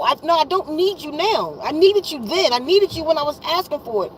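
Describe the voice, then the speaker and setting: Woman, fifties, high voice, weary, exasperated, blunt, profane, repetitive, faint background noise. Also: normal speed, few pauses, poor audio. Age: 50s. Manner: blunt and profane, repeating herself. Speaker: wellness vlogger. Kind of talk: emotional venting to viewers.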